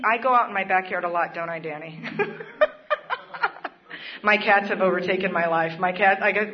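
A woman speaking at a recovery meeting, sharing her own story in an earnest, plainspoken way with occasional laughs. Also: mid-range voice. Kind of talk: personal testimony at a support meeting. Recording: dull lo-fi recording.

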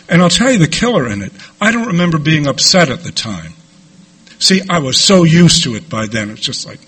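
A middle-aged man shares his recovery story before a group. His voice is raspy and husky, pitched a little high, and he tells it candidly with lively asides to the room. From New York. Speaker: recovery speaker. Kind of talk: personal recovery talk to a group.

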